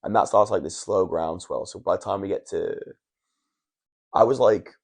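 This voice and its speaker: Low gravelly man telling stories. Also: normal speed, darkish tone. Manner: rambling storytelling, frequent restarts and swearing. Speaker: wrestler, podcast guest. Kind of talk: casual chat. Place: hotel room.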